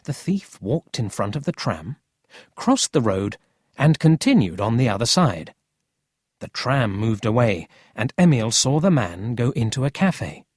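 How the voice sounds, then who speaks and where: A narrator reading a storybook slowly for English learners. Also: medium pitch, very animated, breathy edge, dry recording, studio quality.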